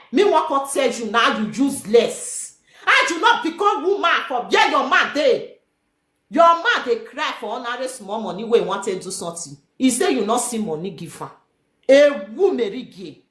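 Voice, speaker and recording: A woman speaking Nigerian Pidgin, telling her story in a heated talk stream, animated and scolding, shouting at times. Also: fairly high pitch, reverberant.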